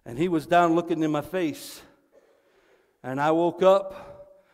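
A male pastor preaching a sermon, telling stories with fervor and building up to shouted declarations. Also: on the high side, slow pace, in a large hall. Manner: impassioned storytelling, building to fervent shouting. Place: church sanctuary.

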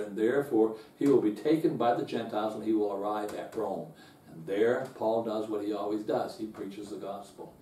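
A man's voice: roomy sound, recorded from a distance. A man teaching a Bible lesson in an earnest way, restarting and repeating words, his voice rising when he stresses a point. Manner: rises in pitch and loudness when stressing a point.

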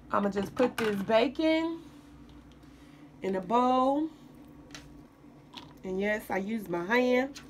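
A woman with a somewhat high voice talks unhurriedly through a home cooking vlog. She chats to her viewers as she works in her kitchen, with a faint hum of background noise. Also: gravelly. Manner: chatty, addresses viewers while cooking. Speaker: home cook vlogger.

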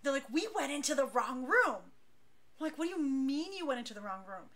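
High bright-voiced woman telling stories. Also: brisk. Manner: animated, chatty, laughs between lines. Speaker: dance crew leader telling stories. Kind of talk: casual storytelling on a talk show.

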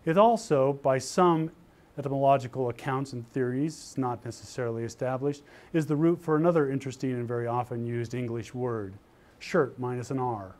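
An older man from Utah giving an animated university lecture, telling stories and acting out the voices of the people in them. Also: medium pitch, brisk. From Utah, USA. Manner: lively storytelling, acts out quoted voices. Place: lecture hall.

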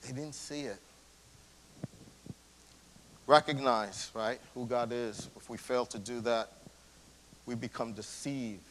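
A male pastor giving a sermon in a casual, slangy way, swinging between loud emphasis and hushed near-whispers. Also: medium pitch, fairly even intonation, slow, long pauses, slight background noise. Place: church sanctuary. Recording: long church hall reverb.

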